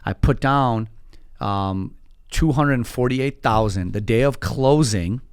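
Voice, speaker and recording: A man in his forties from Iran, telling his story as a podcast guest in an animated, quick way, full of fillers and quoted voices. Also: mid-range voice, clean tone, no echo, studio quality. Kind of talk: casual storytelling.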